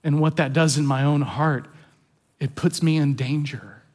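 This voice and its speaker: A man's voice: fairly high pitch, measured pace, a little mellow. A man pastor giving a sermon in an earnest, confessional way, often repeating words as he stresses a point.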